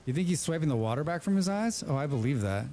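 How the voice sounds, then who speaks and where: Slightly high and mellow, this man's voice is animated and quick. He hosts a laid-back let's play, chatting with friends in a rambling, playful way and frequently saying things twice during the gameplay commentary.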